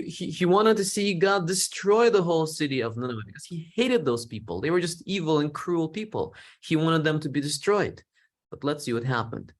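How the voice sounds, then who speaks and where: Male Bible storyteller for a lesson, a touch high-pitched, simple and patient, acts out the quotes. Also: a bit bright. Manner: explains words simply, slows down for learners; acts out quoted lines with feeling.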